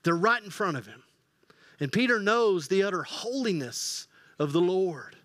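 A man preaching a sermon as pastor, telling the story with lively acted-out quotes and hushed quiet passages. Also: high-pitched, normal speed, no echo, clean studio sound. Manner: animated storytelling, acting out quoted voices, dropping to hushed tones.

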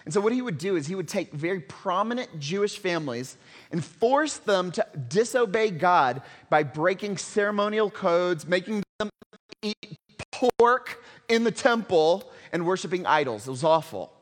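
A male pastor preaching a sermon, telling a story dramatically and swinging between loud and hushed. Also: sits high, expressive, moderate pace. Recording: long hall reverb.

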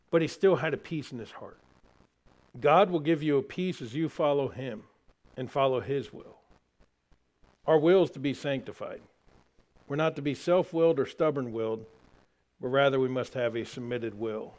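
Man preaching with soft low drops. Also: expressive, a little slow. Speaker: pastor. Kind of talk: sermon. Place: church.

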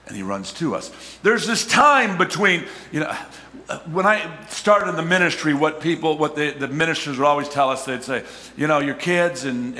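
A middle-aged man preaching a sermon as a pastor, talking conversationally and rising to shouts for emphasis. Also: on the high side. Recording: hall reverb, faint ambience.

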